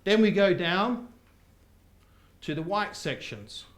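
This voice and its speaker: Slow but lively, an upbeat man with a slightly high voice leads a property training seminar, quizzing the room in call-and-response. The seminar room holds an audience, and its echoey hall sound carries into the recording.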